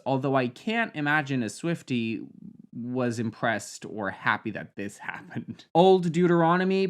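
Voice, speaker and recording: A young man reviewing a film with sarcasm, trailing off into deadpan mutters and jumping to loud, high outbursts. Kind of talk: sarcastic movie commentary.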